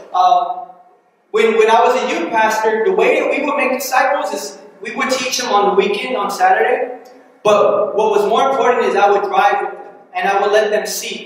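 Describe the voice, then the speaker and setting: High-voiced preacher in an echoey hall. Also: male voice, fairly bright tone, distant mic. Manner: conversational preaching with frequent restarts. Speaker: pastor. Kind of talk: sermon.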